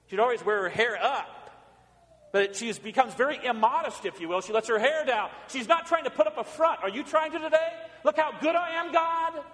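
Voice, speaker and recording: Male pastor, high voice, dynamic sermon delivery, long church reverb. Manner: swings from loud pleading questions to hushed low tones. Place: church sanctuary.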